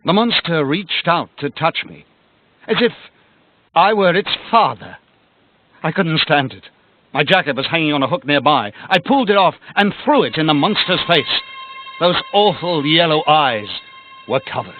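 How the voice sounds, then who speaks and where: A man narrating a storybook on cassette, dramatic, sinking to a hush at the quiet moments. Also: fairly high pitch, lively intonation, moderate pace, slight background noise. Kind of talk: cassette audiobook reading. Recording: tinny lo-fi cassette with music.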